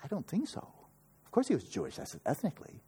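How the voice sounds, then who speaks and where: A man's voice: on the high side, wildly swooping pitch, fast, dark tone, husky. Emphatic man giving a dharma lecture. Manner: emphatic and opinionated, with sarcastic asides. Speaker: meditation teacher. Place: retreat session.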